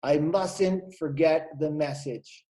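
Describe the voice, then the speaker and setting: A man's voice: a little high, slow pace, warm tone. A male teacher voicing a jumpy, forgetful male dolphin in a read-aloud storybook. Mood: flustered.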